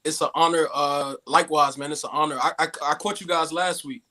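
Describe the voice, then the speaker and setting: A man's voice: on the high side, steady tone, fairly quick, pushed and bright. A man with an African American accent, a guest actor talking in a humble, grateful way, stumbling and restarting often. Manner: humble and grateful, with many restarts and "you know what I mean". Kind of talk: casual interview talk.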